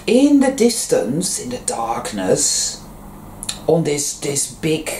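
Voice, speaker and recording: A vlogger talking in a casual, rambling monologue, full of fillers and restarts, and telling stories with sudden jumps in pitch. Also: wildly swooping pitch, drawn-out words, darkish tone, slight background noise. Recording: roomy echo.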